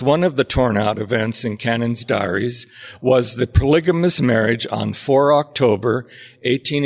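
A man with a gravelly, slightly creaky voice reads old documents in a measured, deliberate way. His pitch sits in an ordinary middle range, and he keeps a careful, lecture-like pace with occasional small slips. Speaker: history narrator. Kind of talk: reading historical documents aloud.

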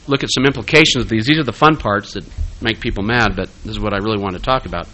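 A man's voice: lowish voice, fast, sharp tone, low-quality recording. A man giving a conversational lecture-style talk, with frequent "uh" fillers, restarts and rhetorical questions.

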